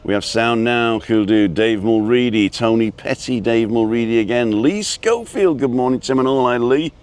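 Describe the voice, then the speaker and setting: A man with a clear, resonant, medium-pitched voice, a little mellow and moderately paced, runs a live walking stream outdoors. Strolling a street in a seaside town, he chats casually, cracks jokes and reads out viewers' names.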